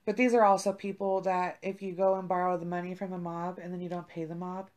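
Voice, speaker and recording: A woman's voice: lowish voice, little pitch movement, quick pace, darkish tone. A young woman co-hosting a podcast, telling a story in a laid-back, profane chat full of "like". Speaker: podcast co-host. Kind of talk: casual chat.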